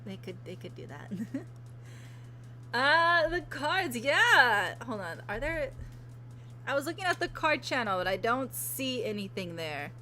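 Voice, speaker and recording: A woman streamer chatting casually on a live stream, talking loudly and emphatically, repeating herself as she rants and reads news aloud. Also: on the high side, measured pace, slight background noise. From Latin America. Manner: animated, emphatic, ranting with repeated phrases; loud.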